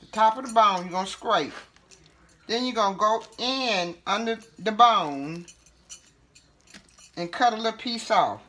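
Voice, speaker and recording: A woman's voice: mid-range voice, a little slow, pauses often, a bit bright, slight background noise. A woman, chatting casually as she demonstrates home cooking. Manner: chatty, folksy, talks while working with food.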